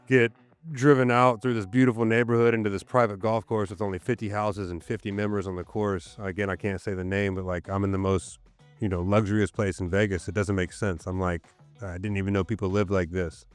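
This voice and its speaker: A man's voice: lowish voice, fairly quick, clear, resonant tone, faint music behind. A man in his thirties, a podcast guest, telling a candid personal story in casual interview talk with lots of "so, like". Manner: candid, animated storyteller with fillers like "so, like". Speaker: podcast guest, gym owner.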